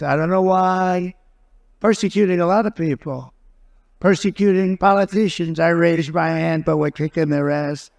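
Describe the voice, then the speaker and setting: Speaking in a raised and fairly high voice, a man running for office gives a loosely structured rally speech. He moves from one point to another, repeating phrases in stacks, and his tone is consistently combative and confident.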